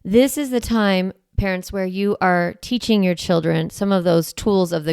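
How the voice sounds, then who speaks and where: A woman's voice: lowish voice, a little slow, few pauses, darkish tone, smooth, dry recording, clean studio sound. A woman hosting a parenting podcast, walking through steps and asking and answering her own questions as if talking to a child. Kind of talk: instructional podcast talk.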